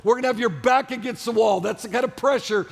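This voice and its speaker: A male pastor preaching a sermon emphatically, calling on the congregation to respond and repeating phrases with shouted peaks. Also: very high voice, fast talker, vocal fry, slight background noise. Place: large church auditorium. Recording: long hall reverb of a church auditorium.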